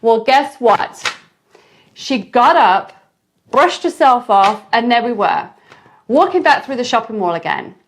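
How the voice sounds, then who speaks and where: A mother telling a parenting story in a casual vlog, animated and dramatic, with big jumps in pitch. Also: a little slow, slight background noise. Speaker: mother sharing parenting advice.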